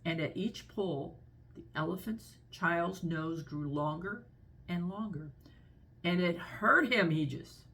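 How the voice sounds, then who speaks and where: Gravelly woman reading a children's story. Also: lowish voice, slow. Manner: expressive, gentle storybook narration.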